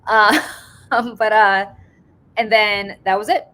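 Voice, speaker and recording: A woman hosting a morning show over a video call, telling a story in lively casual chat and swearing freely. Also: medium pitch, slow pace. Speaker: host.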